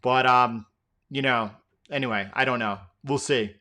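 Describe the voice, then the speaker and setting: Bright, crisp-voiced trading stream host. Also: male voice, mid-range voice, fairly even intonation, measured pace. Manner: loose and rambling, many fillers and repeated words. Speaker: trading stream host answering viewer questions. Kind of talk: casual live-stream Q&A.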